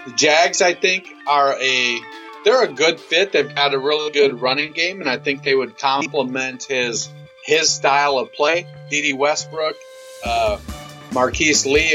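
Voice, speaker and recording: Measured man from Ohio on a podcast. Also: medium pitch, bright, forceful tone. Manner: measured, analytical, rattling off names. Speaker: podcast co-host. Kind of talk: casual podcast analysis.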